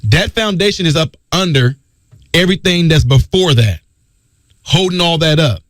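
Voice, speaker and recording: Guy doing a talk radio rant, high voice, swings all over, dry close sound. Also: expressive, normal speed, no room sound. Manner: emphatic, preachy, repeats key phrases.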